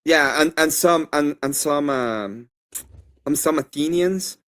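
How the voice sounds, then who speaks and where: A man with a Spanish accent, debating on a live stream in a rambling, animated way with many fillers and restarts. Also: fairly high pitch, takes it slowly.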